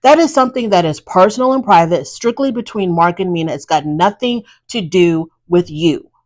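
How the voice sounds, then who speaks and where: A woman's voice: lowish voice, expressive, moderate pace. Blunt sassy woman recapping reality TV. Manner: blunt, sassy, talks straight to the people on screen. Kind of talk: casual commentary recap.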